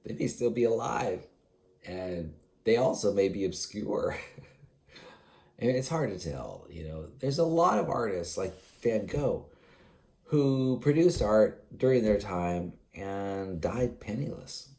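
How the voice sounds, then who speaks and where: A man's voice: fairly low pitch, expressive, slow, gravelly, darkish tone. A man rambling in a solo vlog monologue, musing aloud with many fillers and restarts, chuckling now and then, sleepy and yawning. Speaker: vlogger.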